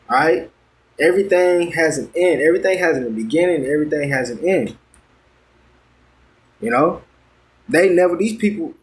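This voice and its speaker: A man preaching a sermon, reading news and scripture aloud and commenting on it. He talks conversationally, stumbles over words and keeps checking in with his listeners. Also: a little high. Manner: conversational, checks in with "all right?" constantly.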